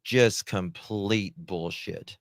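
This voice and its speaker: A man's voice: low voice, very slow, dry recording, studio quality. A man giving angry, profane, sarcastic commentary on case documents as a true crime host.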